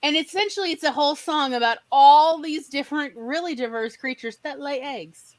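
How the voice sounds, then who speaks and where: A woman hosting a casual live-stream chat, bubbly and exclamatory and quick to laugh. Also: sits high, darkish tone. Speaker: podcast host.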